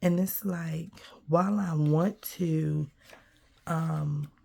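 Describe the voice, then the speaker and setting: Brief: woman vlogger, slow and gravelly, soft and reflective, low-pitched. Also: steady tone. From United States. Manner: soft-spoken, musing, trails off with ums. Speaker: crafting vlogger. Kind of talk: reflective casual vlog while gluing paper.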